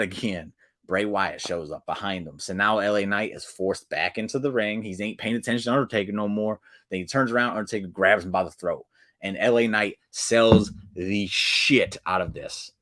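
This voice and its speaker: Man, wrestling recap host, low voice, dry close sound, slangy and excitable. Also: a little fast, no echo. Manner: excited, casual, slangy, acts out quotes in bursts. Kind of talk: casual recap commentary.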